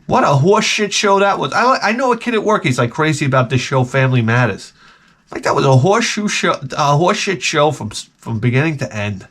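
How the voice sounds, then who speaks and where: Animated, swearing male vlogger. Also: fairly high pitch, brisk. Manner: profane, rambling, animated. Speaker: vlogger and father. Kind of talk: casual ranting monologue.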